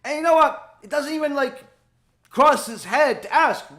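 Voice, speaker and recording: A man giving a Torah lecture as a rabbi, telling stories in an animated way and acting out the dialogue. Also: very high voice, moderate pace. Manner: animated storytelling, acts out dialogue.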